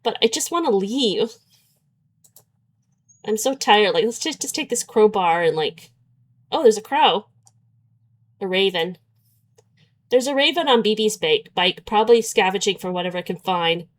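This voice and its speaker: A woman's voice: medium pitch, expressive, normal speed, pauses often. A young woman streaming a story game, chatting casually and sarcastically, often breaking into laughter.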